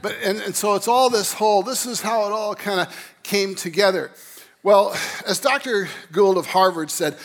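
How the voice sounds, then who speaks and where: A man with a high voice gives an informal lecture. He talks in a rambling, animated way, circling back with restarts and repeated words as he builds his point. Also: moderate pace. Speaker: speaker on creation and evolution.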